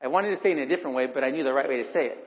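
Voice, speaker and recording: A man's voice: medium pitch, racing. A middle-aged man preaching a sermon, telling personal stories in a conversational way and acting out what people said. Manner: conversational storytelling, acts out quotes. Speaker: pastor. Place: church hall. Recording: dull recording in a reverberant hall.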